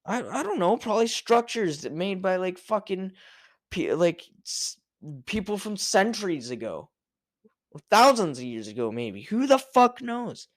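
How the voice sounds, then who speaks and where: A man's voice: high-pitched, very animated, normal speed, dry recording, studio quality. A young man hosting a casual solo podcast, rambling and swearing, with many fillers and restarts. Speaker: podcast host.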